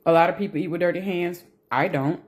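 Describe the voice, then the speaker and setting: A fast-talking woman with a voice on the low side rambles through a casual vlog. Eating while she speaks, she is animated and admits her anxiety.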